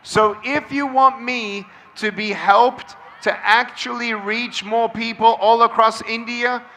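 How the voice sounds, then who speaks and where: A man's voice: very high voice, fairly even intonation, slow pace, bright, forceful tone, slight background noise. A man speaking as a motivational speaker to a large crowd at an outdoor event, emphatic and repeating phrases for the crowd to echo. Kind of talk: addressing a large crowd, call-and-response.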